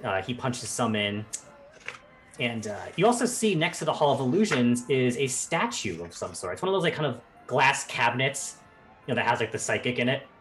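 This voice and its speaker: A man running a tabletop game as game master, narrating in an animated, rambling way with lots of fillers. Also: mid-range voice, a little fast, soft background music.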